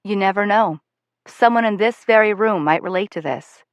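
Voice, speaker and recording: A woman voicing a young male teacher who recites his own poem in a calm, deliberate way, within audiobook narration. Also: medium pitch, no room sound, lo-fi sound, close to an everyday voice. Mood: earnest.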